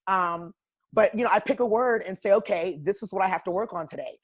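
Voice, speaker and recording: A woman's voice: medium pitch, brisk, breathy edge. Woman guest, wellness coach type. Emphatic, straight-talking, preachy. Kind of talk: casual podcast conversation.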